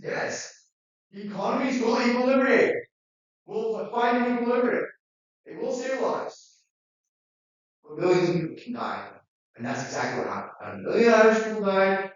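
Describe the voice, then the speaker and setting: Male lecturer, lively and conversational; slightly high voice, distant dull recording. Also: normal speed, very echoey. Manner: conversational, animated, acts out quotes. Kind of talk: classroom lecture.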